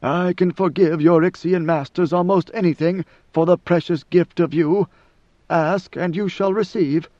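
An ancient god-emperor speaks in slow, grave, measured tones, as a male reader puts him on. The voice sits a little high and carries a dull, lo-fi sound. The recording is dry. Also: steady tone, a little mellow, no echo. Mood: solemn. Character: ancient godlike male emperor, calm, solemn.

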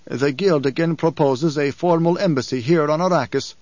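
A man voicing a steady, loyal desert chieftain who speaks in a calm, formal, low-key way. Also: normal speed, no room sound, close to an everyday voice. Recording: dull lo-fi audiobook recording.

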